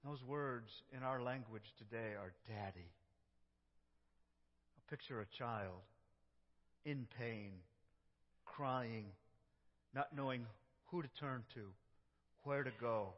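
A pastor preaching a sermon in a church, dramatic, moving from loud cries to hushed prayer. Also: male voice, mid-range voice, takes it slowly, long pauses. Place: church sanctuary. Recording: dull, echoey church sound.

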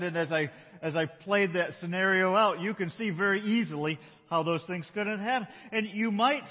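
Husky-voiced man preaching in an echoey hall. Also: high voice, lo-fi sound. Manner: conversational, slows for emphasis. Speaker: pastor. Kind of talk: sermon with a storytelling opening.

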